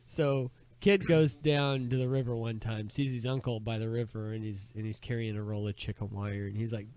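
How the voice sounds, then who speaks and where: A man co-hosting a casual podcast, telling crude jokes and putting on loud voices for the people in them. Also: mid-range voice, fairly even intonation, moderate pace, few pauses, clean tone, no echo. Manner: bawdy joke-telling, loud character voices. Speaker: podcast co-host. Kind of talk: casual chat. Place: back porch, outdoors.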